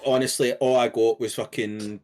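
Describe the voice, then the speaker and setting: A man co-hosting a casual podcast, his voice sitting at an ordinary middle pitch. He tells long, meandering stories in a relaxed way. He swears freely. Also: moderate pace, a little hiss or hum. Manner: laid-back, rambling storytelling with swearing. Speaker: podcast co-host. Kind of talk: casual chat.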